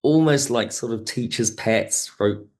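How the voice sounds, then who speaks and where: A man's voice: mid-range voice, unhurried, darkish tone. A man, a writer and producer of audio drama, talks through how a story came together, thinking aloud with hedges and restarts. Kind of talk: interview conversation.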